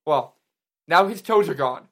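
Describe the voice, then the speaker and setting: A man's voice: fairly high pitch, animated, a little slow. A man talking loosely and rambling through scenes in a casual movie chat with friends.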